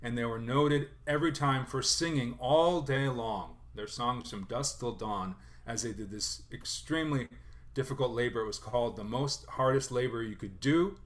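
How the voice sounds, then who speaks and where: A male lecturer gives an academic presentation on song history. He talks in a thoughtful, halting way, full of fillers and restarts. His voice sits at an ordinary middle pitch. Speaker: lecturer on sailor songs.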